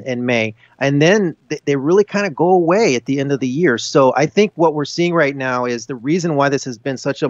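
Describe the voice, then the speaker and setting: A man's voice: mid-range voice, no echo, dull audio. A man explaining market charts as a guest analyst, earnest and emphatic, with frequent restarts. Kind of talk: explaining charts on a live finance show.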